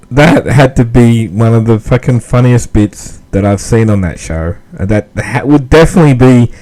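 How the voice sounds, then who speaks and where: A man's voice: fairly low pitch, darkish tone, poor audio. A man hosting a podcast, chatting casually between clips with lots of fillers and restarts. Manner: rambling, many fillers and restarts, laughs easily. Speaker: podcast host.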